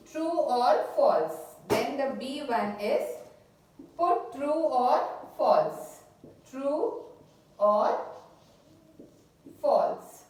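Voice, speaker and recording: Slow high-voiced woman teacher. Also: reverberant. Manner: slow, repetitive, explaining step by step. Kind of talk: online lesson for children.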